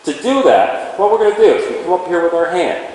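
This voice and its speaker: Working a horse in an indoor arena, a man gives an instructional demonstration, explaining each step and talking to the horse as he goes. His voice is fairly high and a little mellow, very animated and brisk. The arena is very echoey, with faint ambient noise.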